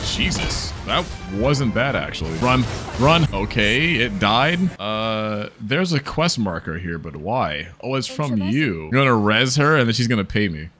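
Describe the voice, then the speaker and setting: A man riffs over his gameplay in casual, profane commentary. He jokes, laughs often and talks right to his audience. His voice swings widely in pitch. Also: fairly bright tone. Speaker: gaming video creator.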